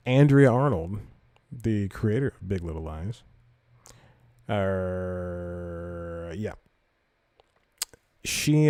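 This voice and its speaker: Offhand and meandering, this male host comments on the news in a deep, mellow voice, fixing his own slips and then reading from articles. His mic is close, the sound dry with no echo.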